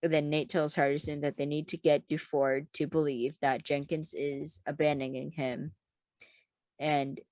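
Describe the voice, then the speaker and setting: A woman's voice: sits low, level tone, normal speed, darkish tone, no room sound. A young woman co-hosting a casual podcast, retelling TV scenes with laughing asides. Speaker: podcast co-host. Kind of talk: casual recap chat.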